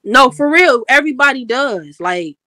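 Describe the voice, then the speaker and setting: A woman from Chicago with a Chicago accent, chatting casually in an animated way, often trailing off mid-thought. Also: sits high, moderate pace. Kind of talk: casual chat.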